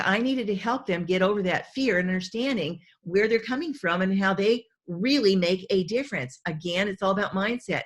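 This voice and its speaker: A woman speaking coach teaching a webinar in an enthusiastic, conversational way, often repeating herself for emphasis. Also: mid-range voice.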